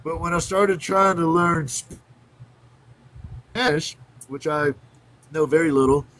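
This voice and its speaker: A man's voice: fairly high pitch, takes it slowly, a bit bright, a little hiss or hum, poor audio. A man hosting a casual interview, easygoing and agreeable as he shares his own experiences.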